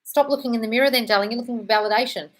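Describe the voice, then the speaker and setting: A woman's voice: on the high side, rapid-fire, fairly bright tone. A young British woman hosting a casual live Q&A, blunt and swearing freely, calling listeners darling. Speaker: host answering viewer questions.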